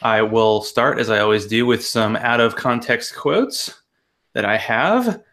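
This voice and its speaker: Guy hosting a podcast, goofy hype intro, mid pitch, casual banter. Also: measured pace. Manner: jokey, animated delivery with exaggerated intro. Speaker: podcast host.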